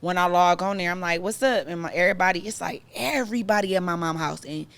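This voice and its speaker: As a guest on a relaxed podcast, a woman with a somewhat low, clean-toned voice recounts a painful personal story. She speaks fast, animated and emotional, with lots of fillers and restarts.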